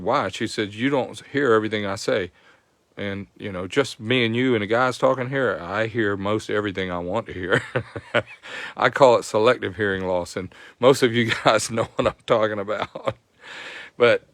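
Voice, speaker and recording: Southern male host, lowish voice, folksy live-stream teacher, dry recording. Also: no room sound. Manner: folksy, explains step by step, greets viewers. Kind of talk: live-streamed technical lesson.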